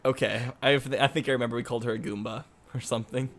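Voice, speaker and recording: A man's voice: medium pitch, fairly even intonation, fast talker, fairly bright tone. A man co-hosting a casual gaming chat, goofy and jokey, laughing often. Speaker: co-host.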